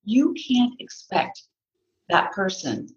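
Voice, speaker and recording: Animated middle-aged woman therapist, lo-fi sound. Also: medium pitch, slow. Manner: animated, laughs often, acts out inner voices. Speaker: psychotherapist guest. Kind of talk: casual podcast conversation.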